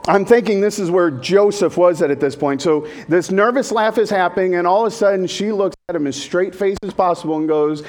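High-voiced man preaching a jokey sermon. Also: fairly quick, few pauses, a little mellow. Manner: jokey and conversational, addresses the congregation. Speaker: pastor. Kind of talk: humorous sermon.

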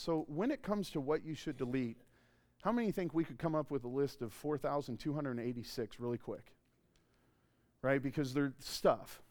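Brief: man, pastor, sermon in a church, a bit higher voice, conversational and jokey, punches up lines loudly. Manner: conversational, joking, animated with sudden loud bursts. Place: church auditorium.

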